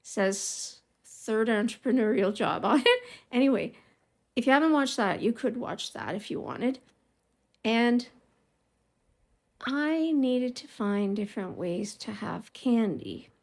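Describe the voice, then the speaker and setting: A middle-aged woman vlogger telling a childhood story in a casual, rambling way, drifting into side remarks and laughing softly now and then. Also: fairly high pitch, lively intonation, takes it slowly. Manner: rambling and digressive, with frequent small laughs.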